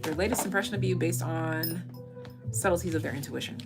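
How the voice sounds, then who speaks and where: A woman's voice: lowish voice, brisk, creaky, over loud music. Rambling, joking woman tarot reader. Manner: chatty, rambling, swears freely and laughs at own jokes. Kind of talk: casual live-stream tarot reading.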